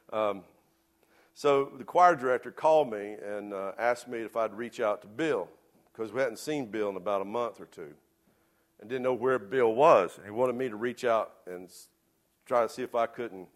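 Conversational male pastor telling a story. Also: fairly low pitch. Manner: conversational, self-deprecating storyteller. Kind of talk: sermon with storytelling.

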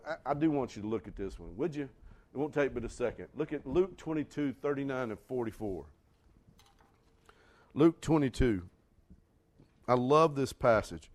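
A man delivers a folksy sermon. His pitch swings widely, and he breaks into sudden loud bursts between homey asides. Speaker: pastor.

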